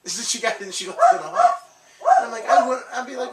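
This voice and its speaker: A man's voice: high-pitched, big pitch swings, fast, far from the mic. Rambling man telling stories off-mic. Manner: rambling, laughs often, swears. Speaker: collectibles channel host. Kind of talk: casual storytelling chat. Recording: echoey room, off-mic, faint noise.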